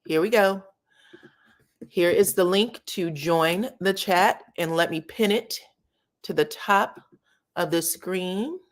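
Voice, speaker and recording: A woman's voice: fairly low pitch, slow pace, long pauses. Chatty woman hosting a live stream. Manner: chatty, addresses viewers as y'all and child. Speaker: livestream host of reality show commentary. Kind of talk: casual live-stream commentary.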